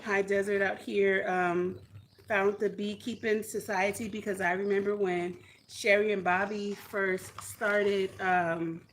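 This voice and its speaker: A woman's voice: mid-range voice, little pitch movement, takes it slowly, slight background noise. A woman chatting casually on a homesteading livestream, reading comments and thinking aloud in a chatty, self-deprecating way. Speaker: homesteading vlogger.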